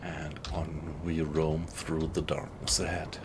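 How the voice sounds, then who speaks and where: A man chatting casually with viewers while he plays a game live from his small home computer room, relaxed and unhurried. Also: rumbling low, noisy background. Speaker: game streamer. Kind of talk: casual live-stream chat while playing.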